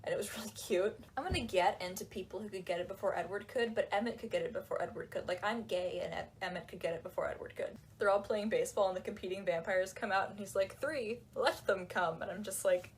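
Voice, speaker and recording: A woman talking in a casual, animated and sarcastic way, with lots of "like"s, while she folds laundry. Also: mid-range voice, fast talker, few pauses, slight background noise. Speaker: book reviewer. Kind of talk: casual chat.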